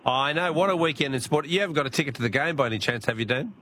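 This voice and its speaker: A man hosting a talkback radio quiz, chatty and quick to laugh. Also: medium pitch, bright, forceful tone, slight background noise.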